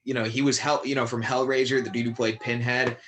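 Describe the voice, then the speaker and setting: A man's voice: mid-range voice, level tone, fast, a bit bright, a little hiss or hum. A man guesting on a podcast, chatting casually about acting and horror films, rambling with many fillers and restarts. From Connecticut. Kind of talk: casual chat.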